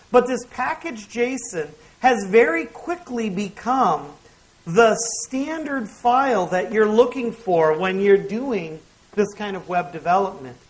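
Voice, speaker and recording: A man's voice: high voice, rough recording. Chatty man giving a tech conference talk. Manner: chatty, wry asides, explains step by step. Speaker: conference speaker. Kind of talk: technical conference talk with live demo. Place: conference stage.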